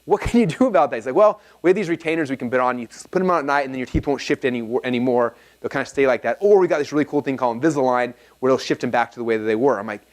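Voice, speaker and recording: A man in his thirties giving an energetic seminar talk, telling anecdotes and acting out both sides of the dialogue. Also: medium pitch. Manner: fast, animated storytelling, acts out dialogue. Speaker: speaker at a live seminar.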